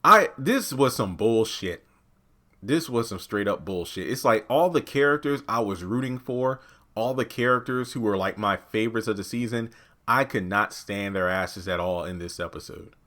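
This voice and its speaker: Sounding exasperated, a man reviews a TV episode casually, ranting and swearing freely in an expressive, fairly bright voice at normal speed. He jumps into quoted lines with a raised pitch.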